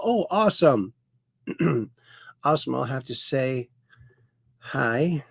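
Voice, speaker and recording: Slow, gravelly-voiced man hosting a livestream. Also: mid-range voice, animated, a bit bright, dry recording, clean studio sound. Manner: slow, folksy, playful sing-song announcing of viewers. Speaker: host. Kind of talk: casual livestream chat, reading chat messages aloud.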